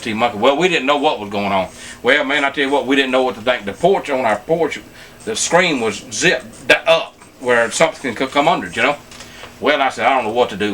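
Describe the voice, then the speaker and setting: A man's voice: medium pitch, sharp tone, a little hiss or hum. A middle-aged man telling a story in a folksy, casual way, with "man" and "I tell you what" again and again. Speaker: show regular telling a story.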